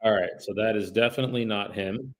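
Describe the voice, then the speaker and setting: Gravelly-voiced man livestreaming his cold calls. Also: on the low side, fast talker, very noisy. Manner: chatty, addresses viewers directly; polite and apologetic on calls. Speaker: real estate agent.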